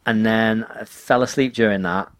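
Low-voiced man chatting. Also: steady tone, moderate pace. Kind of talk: casual chat.

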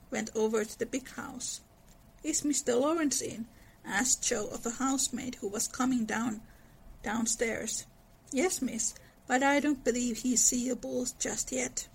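A woman with a fairly high, breathy voice reads passages of a novel aloud in a measured way, after commenting on the characters. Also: rough recording. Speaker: podcast co-host discussing a novel. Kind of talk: reading aloud and book discussion.

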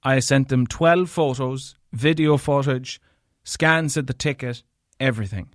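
A man's voice: mid-range voice, measured pace, no room sound, clean studio sound. A man with an Irish accent hosting a podcast, telling an angry, profane story on his own. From Ireland. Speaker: podcast host. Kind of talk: solo storytelling rant.

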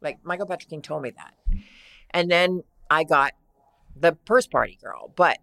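A middle-aged actress, a guest, telling a long story in a casual interview, rambling and halting with many restarts. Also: female voice, deep voice, gravelly, a bit bright.

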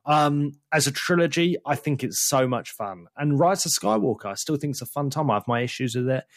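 A man chatting on a podcast in an easygoing, matey way. His pitch swoops widely as he talks. The sound is dry and close, with no room around it. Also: expressive, fairly quick, no room sound. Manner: chatty, says "mate" often. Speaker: podcast co-host. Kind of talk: casual chat.

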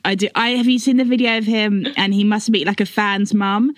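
A woman's voice: mid-range voice, little pitch movement, a little fast, no room sound. Playful young woman, dry close voice. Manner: playful, reading out categories with giggles. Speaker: co-host. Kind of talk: casual chat.

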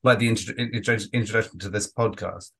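A man's voice: fairly low pitch, fairly even intonation, fast, creaky, fairly bright tone, breathy edge. A man co-hosting a casual podcast chat, rambling with frequent restarts and some swearing. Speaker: podcast co-host.

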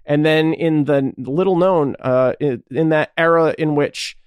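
A man's voice: fairly high pitch, measured pace, clean tone, dry recording. Rambling, enthusiastic man co-hosting a chat. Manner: rambling, enthusiastic, swears casually. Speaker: podcast co-host. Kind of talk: casual chat.

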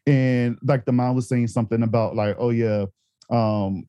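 Male podcast co-host, warm mellow tone, dry close sound, relaxed with restarts. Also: medium pitch, moderate pace, clean tone, no echo, highs cut off. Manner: easygoing, stammering restarts, chuckles. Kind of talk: casual film discussion.

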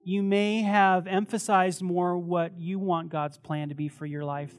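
A male pastor preaching a sermon to a congregation and leading a prayer, talking in an animated, laughing way and often repeating words as he restarts. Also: high-pitched, a little slow, clear, resonant tone. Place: church service before a congregation.

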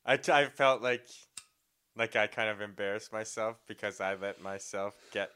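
A man's voice: lowish voice, normal speed, bright, forceful tone, clear, resonant tone. A man in casual chat, talking hesitantly and self-consciously, trailing off mid-thought. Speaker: chat partner.

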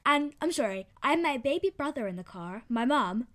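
Excitable young UK woman, co-host, bright and sharp tone. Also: high voice, brisk. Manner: excitable, yells lines in retelling. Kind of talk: casual storytelling chat.

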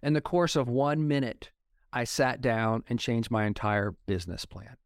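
A man's voice: mid-range voice, fairly even intonation, normal speed, clean tone, no echo, clean studio sound. A middle-aged man telling his story in a casual podcast interview, blunt and emphatic. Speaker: guest. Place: Denver.

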